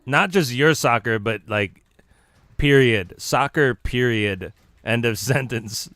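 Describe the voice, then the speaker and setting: A man streaming live, talking in a casual, mock-serious lecturing way with halting restarts. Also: mid-range voice, a bit bright, no room sound, clean studio sound.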